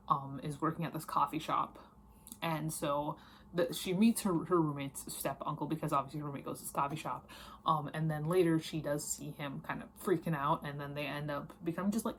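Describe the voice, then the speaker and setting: Low-voiced Midwestern woman chatting about books. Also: slight background noise. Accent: Midwestern American. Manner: chatty, rambling, lots of fillers and laughs. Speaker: book reviewer. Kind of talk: casual book wrap-up chat.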